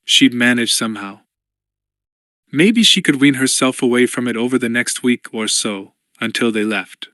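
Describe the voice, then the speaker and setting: A man's voice: medium pitch, normal speed, pushed and bright, no room sound. Man narrating an audiobook, dry studio sound. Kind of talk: scripted narration.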